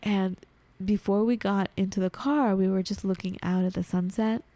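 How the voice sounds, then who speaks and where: A woman guest on a podcast, telling a personal story in lively conversation, acting out the voices of people she quotes and using many filler words. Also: mid-range voice, moderate pace, no room sound. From United States. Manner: animated, acts out quoted voices, frequent "like".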